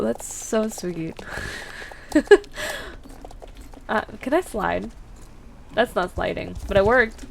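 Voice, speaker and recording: A woman's voice: mid-range voice, slow pace, gravelly, long pauses, slight background noise. A woman streamer chatting casually and laughing at herself while playing a horse-riding game. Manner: chatty, giggly, self-deprecating. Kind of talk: casual gameplay commentary.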